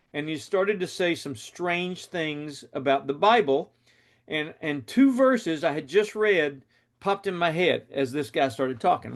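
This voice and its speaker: Brief: man with a slightly high voice, dramatic faith storyteller. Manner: earnest, conversational, dramatic retelling. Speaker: storyteller and show host.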